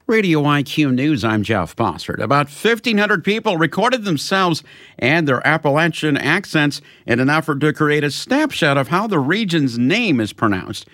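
A man hosting local radio news, reading headlines and the weather forecast in a steady announcer delivery. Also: on the high side, moderate pace, no echo.

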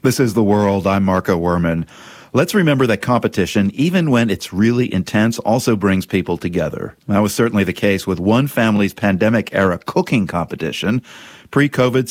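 A male radio host with a lowish voice reads a scripted introduction in a calm, measured way. The sound is dry and close. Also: no echo.

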